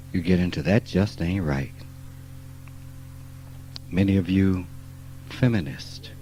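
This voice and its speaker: A man in his 50s from rural Mississippi, a spiritual teacher, delivers a talk preserved in a 1989 archival recording. His voice is somewhat low and mellow, and his delivery is blunt, emphatic and heavy on profanity, alternating quiet asides with sudden loud bursts. The recording is rough, with a little hiss or hum.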